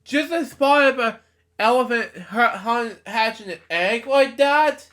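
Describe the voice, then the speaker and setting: A man's voice: very high voice, unhurried, sharp tone. Rambling man reading a bedtime story. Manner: rambling, stumbles over words, frequent "anyway" asides. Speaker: storybook reader. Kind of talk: casual read-aloud with asides.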